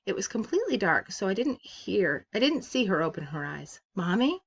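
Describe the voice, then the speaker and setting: A woman teacher reading a novel aloud to her class from her office, with steady, expressive storytelling. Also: medium pitch, brisk, husky, highs cut off.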